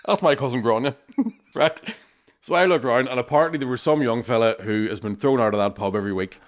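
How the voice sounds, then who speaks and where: A man's voice: mid-range voice, quick pace. An Irish man telling a rowdy story in casual chat, swearing constantly, tagging lines with "right?" and acting out other people's voices. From Ireland. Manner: swears constantly, keeps asking "right?", acts out quoted voices. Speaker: podcast co-host telling a story.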